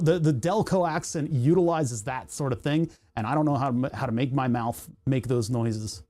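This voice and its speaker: Mellow-voiced rambling streamer from Pennsylvania. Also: medium pitch. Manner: rambling, tangent-prone, self-interrupting. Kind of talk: casual live-stream chat while working on a computer.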